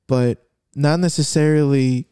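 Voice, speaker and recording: A young man telling a story in casual chat, slangy, switching into Spanish, with halting restarts. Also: fairly high pitch, fairly even intonation, mellow, clean tone, no echo, clean studio sound.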